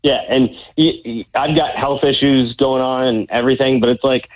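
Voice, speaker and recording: A man in his forties calling in to a talk show by phone, upbeat and halting, laughing often. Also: mid-range voice, fairly even intonation, no echo. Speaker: caller. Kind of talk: phone call-in chat. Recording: tinny phone line.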